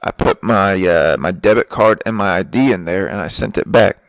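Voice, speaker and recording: A man's voice: deep voice, normal speed, clean tone, dry recording. A young man hosting a podcast, telling stories in a laid-back, profane, ranting way. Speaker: podcast host. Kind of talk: casual storytelling monologue.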